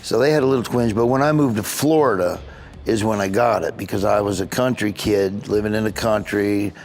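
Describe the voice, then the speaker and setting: A man's voice: on the low side, darkish tone. A man in his sixties, a comedian chatting in an interview, telling rambling stories. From Midwestern United States. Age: 60s. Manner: rambling, anecdotal, does quick imitations. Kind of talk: casual interview chat.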